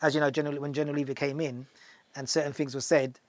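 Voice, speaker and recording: Middle-aged man, rapid animated storytelling, slightly high voice, dry close mic. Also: no echo. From London. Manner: animated, acts out dialogue in the stories. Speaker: guest musician. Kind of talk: casual storytelling interview.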